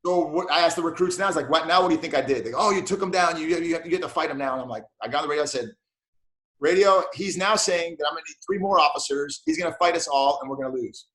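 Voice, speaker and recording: A man, a police officer and martial arts black belt, telling animated stories in a casual interview and acting out the dialogue. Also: on the high side, racing, echoey room.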